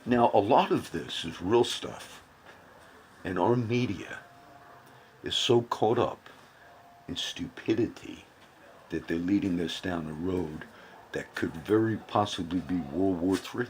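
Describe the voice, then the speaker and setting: Deep-voiced man rambling on politics. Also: slight background noise. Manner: rambling, repeats phrases for emphasis. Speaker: political commentator. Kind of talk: casual political commentary vlog.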